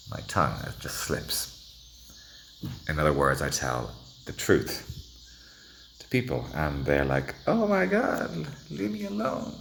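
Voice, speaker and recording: Very deep, gravelly man rambling. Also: a bit bright, a little hiss or hum. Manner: meandering, self-interrupting, playful, drifting into whispers. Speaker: vlogger. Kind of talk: rambling monologue to the camera.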